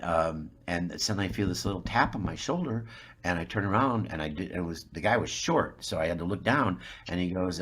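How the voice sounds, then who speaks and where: Deep husky older man telling stories. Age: 70s. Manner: rambling, animated storyteller who acts out the people he quotes. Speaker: guest actor. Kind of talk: anecdotal storytelling.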